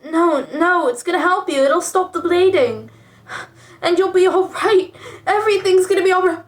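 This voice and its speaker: Woman voicing a desperate young man, pleading, urgent, high pitch. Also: moderate pace. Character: desperate young man tending wounded friend.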